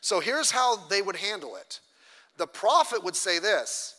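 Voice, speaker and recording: Bright-voiced man preaching in a hall. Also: sits high, very animated, a little slow. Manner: self-deprecating and chatty, acts out quotes. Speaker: pastor teaching a church class. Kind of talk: conversational sermon teaching. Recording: long church hall reverb.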